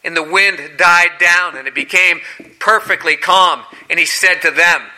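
A man preaching a sermon with a high, very bright voice. He speaks slowly and deliberately. He acts out the scripture quotes dramatically, sometimes dropping low and quiet, sometimes rising high and loud. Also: low-quality recording.

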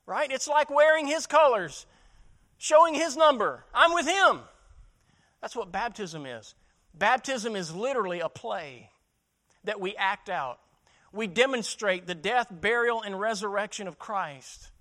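A man's voice: high voice, lively intonation, measured pace, sharp tone. A man preaching a sermon as pastor, asking rhetorical questions, repeating words as he restarts, and building to emphatic peaks.

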